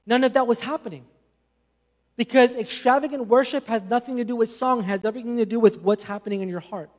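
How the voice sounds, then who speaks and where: A man's voice: extremely high pitch, fast talker. A man preaching a sermon with passion, speaking conversationally and adding many casual asides.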